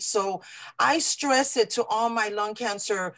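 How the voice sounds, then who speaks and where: On a video call, a woman who advocates for lung cancer patients tells a personal story slowly at a medium pitch. She is earnest and animated, imitating the voices of the people she quotes.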